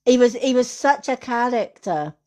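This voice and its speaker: A woman's voice: on the high side, lively intonation, moderate pace, dark tone. A woman hosting a live stream, telling chatty anecdotes. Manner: chatty anecdotes with frequent laughter. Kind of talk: casual chat, storytelling. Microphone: phone or computer on a live stream.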